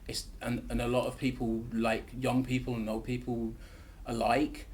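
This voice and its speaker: A man, a podcast guest answering questions in a relaxed, thoughtful way. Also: medium pitch, moderate pace, a little hiss or hum. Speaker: guest, tech conference founder. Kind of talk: casual podcast interview.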